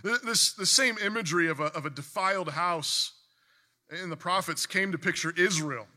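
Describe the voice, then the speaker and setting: A man delivers a sermon with a very bright, ringing tone. His voice sits high for a man, and he preaches earnestly, surging into emphatic bursts and often restarting mid-sentence. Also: normal speed.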